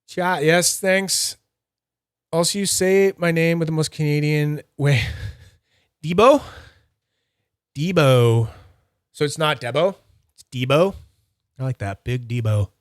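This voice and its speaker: A man's voice: on the high side, measured pace, smooth, no echo, clean studio sound. A man streaming live, chatting casually and talking through each step of a hands-on demo while answering his chat. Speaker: fidget toy streamer.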